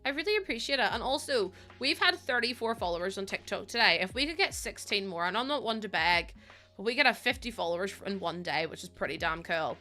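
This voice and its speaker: A woman's voice: medium pitch, very animated, quick pace, bright, forceful tone, faint music behind. A woman with a Northern Irish accent, chatting casually to her viewers while building in a game, laughing often. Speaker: streamer.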